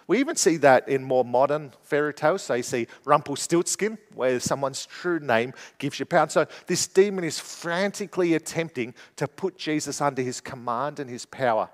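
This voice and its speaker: A man preaching a sermon, explaining a scripture passage and moving between hushed and emphatic delivery. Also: on the high side, normal speed, hardly any pauses, long reverb tail.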